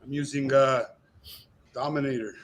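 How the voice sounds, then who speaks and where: A man's voice: mid-range voice, steady tone, moderate pace. A man chatting casually about a bike he restored, telling stories in a boastful, salty way. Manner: boastful storyteller, swears freely. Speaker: guest restoring dirt bikes. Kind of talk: casual chat on a live video call.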